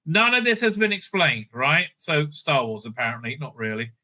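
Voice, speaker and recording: A man rambles through an episode recap with profane sarcasm, his voice very bright and a touch high. The delivery is loose and scathing, full of fillers and swipes. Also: animated, moderate pace. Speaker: show reviewer. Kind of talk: casual episode recap and review.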